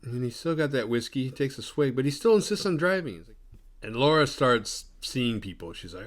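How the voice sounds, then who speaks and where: A man casually recapping a horror movie with comic sarcasm and profanity, slipping in quick voices for the characters. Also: lowish voice.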